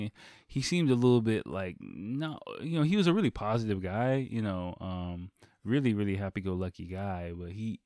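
A man's voice: sits low, a little mellow, no room sound, studio quality. A man hosting a podcast, telling a long story in a casual, rambling way, swearing freely and full of fillers and restarts. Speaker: podcast host.

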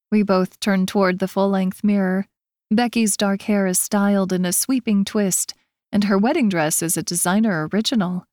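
A woman's voice: mid-range voice, fairly even intonation, normal speed, darkish tone, no room sound, clean studio sound. A woman narrating a romance audiobook in first person, voicing the characters in turn.

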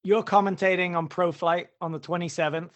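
A man hosting a casual interview, briskly moving through his questions. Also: high voice, steady tone. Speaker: podcast host.

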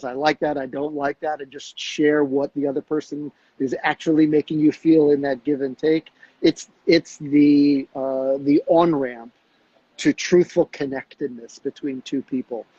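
A man with a slightly raised, husky voice tells his stories in an animated way. The sound is dull and lo-fi. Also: a little high, moderate pace, dry recording. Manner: storytelling, animated with anecdotes. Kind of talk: casual conversation.

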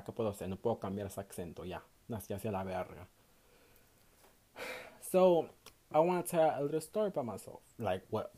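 A man's voice: medium pitch, warm tone. Tired young man with a Mexican Spanish accent. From Houston, Texas, USA. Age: young adult. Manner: swears a lot, switches between English and Spanish. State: tired after night shift. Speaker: podcast host. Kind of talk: casual solo podcast monologue.

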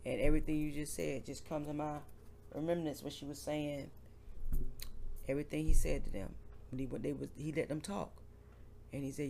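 A man's voice: a little high, fairly even intonation, a little fast, gravelly, pauses often, darkish tone, slight background noise. A man in an earnest, casual faith conversation, retelling a vision story and acting out the pleas of the people in it.

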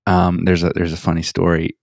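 Gravelly low-voiced man, halting. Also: monotone, darkish tone, no echo, studio quality. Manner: halting, self-conscious, many restarts. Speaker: podcast co-host. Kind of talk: casual chat.

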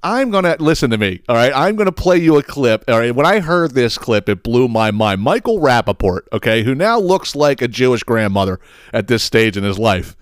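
A man's voice: medium pitch, a little fast, clean tone, no room sound, clean studio sound. A man hosting a podcast, ranting casually with lots of swearing and mocking laughter. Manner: profane, mocking, animated with laughs. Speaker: podcast host.

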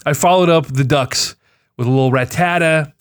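Excitable, foul-mouthed guy telling gaming stories. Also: on the high side, normal speed, dry recording, clean studio sound. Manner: excitable, profane, storytelling. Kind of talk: casual gaming chat.

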